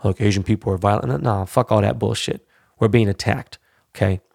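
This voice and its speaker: A man speaks in a low, gravelly voice, heavy with vocal fry. The sound is dry and close, with no room around it. He rants bluntly to his listeners, swears freely and keeps checking in with "you know?" and "all right?". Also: fairly even intonation, a little fast, a little mellow, no room sound. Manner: frequent tag questions like "all right?". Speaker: podcast host. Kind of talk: profane monologue.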